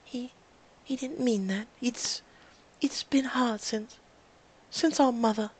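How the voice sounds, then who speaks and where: A woman reading aloud gives a gentle servant girl a raised, soft, wavering voice. The tone carries a gravelly catch, and the speech runs at an even pace. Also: high-pitched, measured pace, voice pushed up, exaggerated voice, low-quality recording. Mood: grieving.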